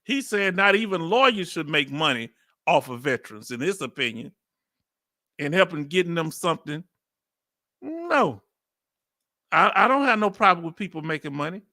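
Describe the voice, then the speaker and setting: A man with a Texas accent giving animated, slangy reaction commentary and laughing often. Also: a little high, brisk, no room sound, studio quality. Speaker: reaction video host.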